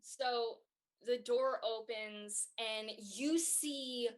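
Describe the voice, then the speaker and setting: A woman's voice: on the high side, extremely slow. A woman narrating a tabletop game as game master, rambling with lots of fillers.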